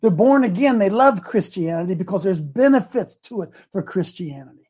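A man leads a live show as preacher and host, walking through scripture with loose, slangy energy. His voice sits high and sounds a little husky. He acts the verses out in street talk rather than reading them. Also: expressive, brisk, a little mellow.

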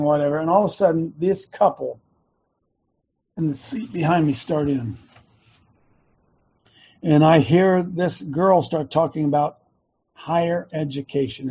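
A middle-aged man hosting a Christian talk show, rambling and preachy, with many restarts and a slightly hoarse throat. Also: a little high, a little mellow.

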